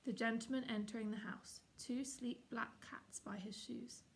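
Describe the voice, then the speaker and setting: A woman, a teacher, reading a children's chapter book aloud in a steady, expressive way. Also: fairly high pitch, measured pace. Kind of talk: storybook read-aloud.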